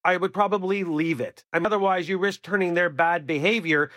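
A man's voice: high voice, a little fast, a bit bright, no echo, studio quality. Emphatic man giving radio advice. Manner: earnest, emphatic, opinionated. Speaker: radio co-host. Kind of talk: opinionated radio advice chat.

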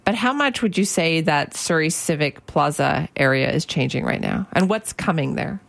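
A woman's voice: deep voice, animated, moderate pace, creaky, fairly bright tone. A woman interviewing a guest, conversational and curious. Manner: conversational, curious, laughs easily. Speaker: radio interviewer. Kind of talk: interview questions.

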